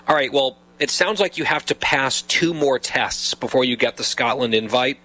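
A man's voice: medium pitch, normal speed, pushed and bright, rough recording. A man hosting a radio talk show, chatting casually and teasing his guest with wry questions. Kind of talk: casual on-air banter.

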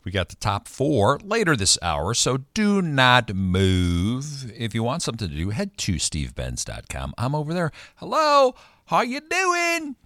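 Animated American radio host, bright voice. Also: male voice, measured pace, hardly any pauses, no echo, clean studio sound. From United States. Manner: animated, playful DJ patter with big pitch swings. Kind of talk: music radio chart show presenting.

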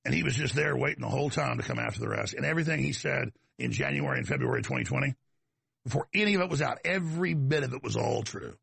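A man's voice: medium pitch, big pitch swings, fast talker, gravelly, fairly bright tone, husky, dry recording. A man with a Texas accent, hosting a talk show in a rambling, combative, folksy monologue that wanders off on tangents.

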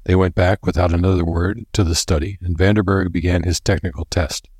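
A man narrating a story in a measured, steady way. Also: low voice, breathy edge, no room sound, studio quality. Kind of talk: scripted narration.

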